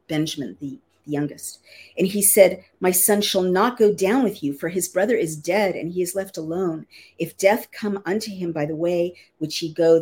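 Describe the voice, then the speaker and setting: A woman with a low, husky voice reads old scripture aloud at an unhurried teaching pace. She keeps stopping to restate the archaic words in everyday language, the way a Bible teacher walks a class through a passage. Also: a little mellow. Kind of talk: reading scripture aloud with plain-language glosses.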